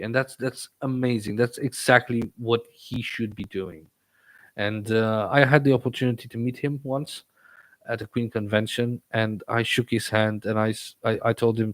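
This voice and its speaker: Hosting a casual live chat, this man stammers and restarts often as he rambles, a toothache slightly hampering his speech. He speaks learned English with a slightly British-sounding tinge, in a mid-range voice on a dry recording.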